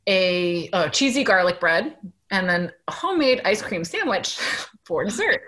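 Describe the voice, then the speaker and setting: A young woman telling a story as a podcast guest, animated and self-deprecating, acting out the dialogue, on a video call from home. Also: medium pitch, unhurried. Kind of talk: casual storytelling.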